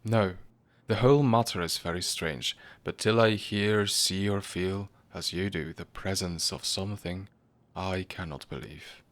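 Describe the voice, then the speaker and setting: A calm, gently obstinate priest, as a male reader puts him on in a storybook reading. His tone stays measured and low-pitched, firm without ever raising itself. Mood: gentle, firm.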